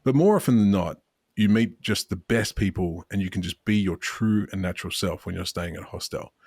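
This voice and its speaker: A man's voice: sits low, fairly quick, a little mellow, breathy edge, dry recording, studio quality. An Australian man hosting a podcast, chatting casually in a rambling way and often restarting his sentences. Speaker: podcast host. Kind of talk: casual banter.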